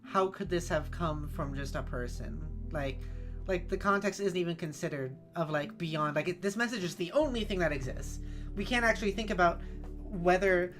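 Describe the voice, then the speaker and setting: A woman's voice: lowish voice, normal speed. A woman streaming a puzzle game, thinking aloud in casual chat full of "like". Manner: thinks aloud, lots of filler "like". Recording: faint game music behind.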